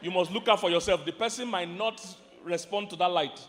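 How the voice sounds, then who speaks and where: A man with a Nigerian accent preaching a sermon to a live audience, animated and quizzing the crowd. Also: high voice, brisk, slight background noise. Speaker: pastor and relationship teacher. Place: large hall with a live audience. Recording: long hall reverb.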